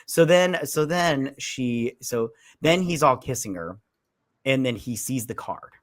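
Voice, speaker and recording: A man's voice: mid-range voice, animated, a little slow, dry recording, clean studio sound. A man co-hosting a casual movie review chat, rambling and retelling scenes with a lot of "he's like.". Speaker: movie review podcast co-host.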